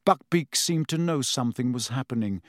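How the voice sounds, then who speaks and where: In studio-quality, dry audio, a mid-range male voice reads scripted audiobook narration. He tells the story at a steady, measured pace.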